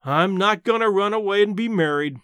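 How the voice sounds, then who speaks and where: A man's voice: high-pitched, very animated, fairly quick, a bit bright, no room sound, heavily acted. A man reading the part of a flustered young woman who speaks sullenly and falters over her words.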